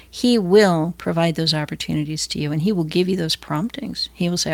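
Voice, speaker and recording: A woman's voice: fairly low pitch, a little fast, creaky, few pauses, no room sound. A middle-aged woman from Los Angeles giving an informal Christian devotional talk in a conversational way, with many fillers and restarts. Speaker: Christian speaker.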